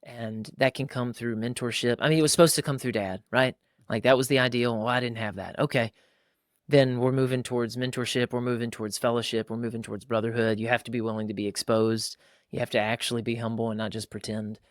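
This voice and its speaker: A man speaking in casual podcast conversation, earnest and direct, with a pastor's conviction. His voice sits at an ordinary middle pitch and is recorded close and dry. He slips into lively raised voices when quoting others. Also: fast, no room sound. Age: adult father of young boys. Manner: earnest, acts out quoted dialogue in a raised voice.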